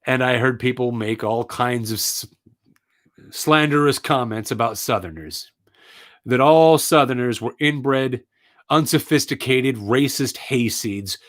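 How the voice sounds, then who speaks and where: A man giving an earnest personal monologue, telling his story with indignant, emphatic repetition. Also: mid-range voice.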